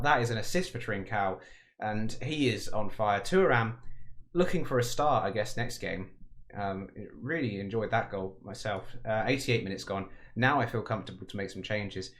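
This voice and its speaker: Chatty low-voiced man narrating a game. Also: fairly bright tone. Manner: chatty, self-mocking, rambling asides. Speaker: gaming commentator. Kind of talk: casual game commentary.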